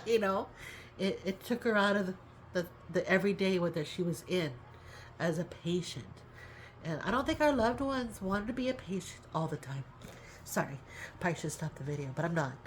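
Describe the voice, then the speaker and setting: A woman in middle age with a low, deep-set voice shares caregiving experience in a casual vlog. She rambles, apologizes and laughs often, and sounds close to tears. A faint background noise sits under her voice. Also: expressive, moderate pace. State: near tears. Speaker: caregiving vlogger. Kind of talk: casual talk to camera.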